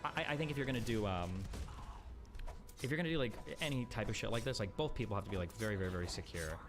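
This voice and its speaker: Talking casually on a livestream over music, a streamer with a fairly low-pitched voice rambles rapidly and animatedly. He's blunt and exasperated, swearing a lot and leaning heavily on fillers.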